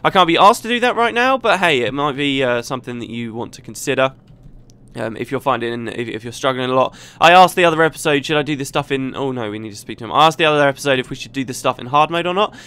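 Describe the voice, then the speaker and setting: A man's voice: mid-range voice, lively intonation, fast, pushed and bright, clean tone. A man talking casually as he plays through a video game, rambling and chatty. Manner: chatty and rambling, with frequent restarts. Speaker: let's play host. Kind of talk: casual gameplay commentary.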